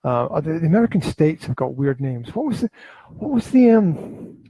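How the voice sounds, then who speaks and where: A man's voice: a little high, big pitch swings, normal speed, mellow, husky, no echo, rough recording. A man with a Scottish accent hosting a podcast in casual, playful banter with a co-host. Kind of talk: casual chat.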